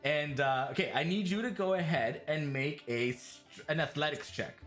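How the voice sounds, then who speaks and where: A man running a tabletop game as game master, animated and laughing, with faint music behind. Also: a little high. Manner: animated, laughing, quick restarts.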